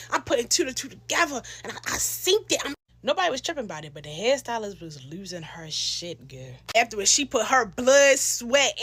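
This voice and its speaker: A young woman tells a messy storytime in a casual, slangy way. Her voice sits high and sounds bright and sharp, and she throws herself into acting out every line. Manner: animated, slangy, acts out voices in her telling.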